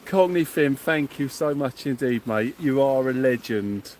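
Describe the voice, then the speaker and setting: A man's voice: medium pitch, a little slow, few pauses, a little mellow, a little hiss or hum. A man hosting a night fishing livestream outdoors by the sea, effusive and thanking viewers by name. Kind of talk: excited livestream chat.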